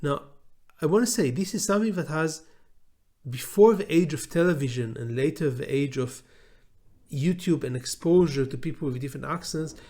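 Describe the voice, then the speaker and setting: A middle-aged man with an Israeli accent gives an unscripted lecture as a law professor. His voice sits a little high, and he pauses often, filling gaps with fillers and restarting his sentences. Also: dark tone. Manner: hesitant, many fillers and restarts.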